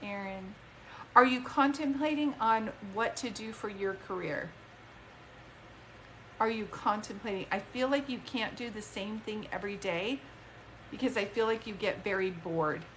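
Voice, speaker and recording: A woman's voice: medium pitch, unhurried, fairly bright tone, a little hiss or hum, low-quality recording. A woman working as a psychic medium, giving a rambling, emphatic reading to a caller. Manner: chatty, emphatic, rambling with restarts. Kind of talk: live-stream reading to a caller.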